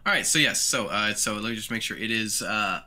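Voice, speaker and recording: A man's voice: on the low side, a little fast, pushed and bright, slight background noise. A man narrating a tabletop game as game master, rambling with many fillers.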